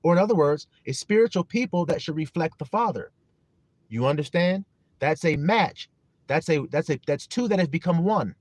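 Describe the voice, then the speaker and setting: Male livestream preacher, emphatic, animated pitch, dry close recording. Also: moderate pace, no echo. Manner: emphatic, repeats questions to listeners; greets viewers in chat. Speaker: preacher on a live stream. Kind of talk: livestream sermon.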